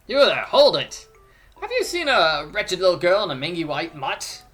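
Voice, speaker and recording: A man's voice: sits high, huge pitch swings, moderate pace, soft background music, heavily acted. A man voicing a bossy, blustering male colonial watchman in a video game playthrough. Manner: loud, blustery, theatrical.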